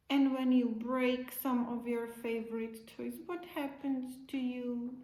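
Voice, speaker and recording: A woman teacher giving a slow, simple English lesson to young children, repeating key words. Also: fairly high pitch, darkish tone, roomy sound, low-quality recording.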